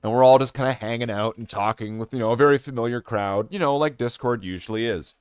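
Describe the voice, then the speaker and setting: A man streaming who tells a story in a casual, animated way, swearing and restarting his sentences. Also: medium pitch, fast talker, clean tone, dry recording, studio quality.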